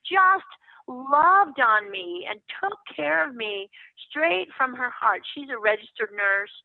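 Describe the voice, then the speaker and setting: A woman's voice: sits high, animated, slow pace, gravelly, dry recording. Older woman guest, earnest storyteller, phone-line sound, dry. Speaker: guest therapist. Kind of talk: casual podcast interview.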